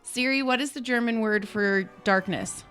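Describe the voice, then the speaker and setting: A young adult woman co-hosting a tabletop game show, chatting casually, with a playful, lively manner that breaks into laughs and gasps. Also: a little high, normal speed, smooth, faint music behind. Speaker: podcast co-host and player. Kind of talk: casual chat.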